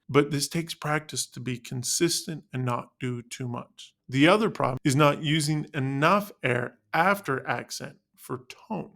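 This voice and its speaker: A man teaching a band lesson, explaining in a clear instructional way and sounding out syllables to demonstrate articulation. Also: fairly high pitch, a bit bright.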